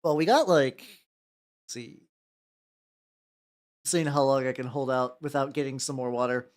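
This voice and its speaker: A man's voice: medium pitch, a little slow. Young American man, casual painting-stream host, rambly, stammering restarts. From United States. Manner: rambling, stammers and repeats words, laughs often, jumps between topics.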